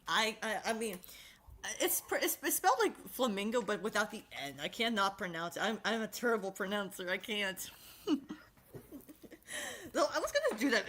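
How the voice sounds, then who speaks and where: A woman's voice: mid-range voice, fairly bright tone. A woman hosting a casual stream, talking in a giggly, rambling, self-deprecating way, with a lisp. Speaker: streamer host.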